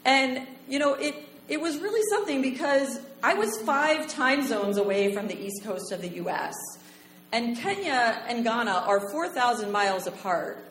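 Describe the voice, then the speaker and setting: A young woman from the United States tells a personal story to a bar audience, chatty and full of fillers. Her voice sits a bit high and carries the echo of a live room. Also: moderate pace. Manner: chatty, animated, many fillers. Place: bar stage before an audience.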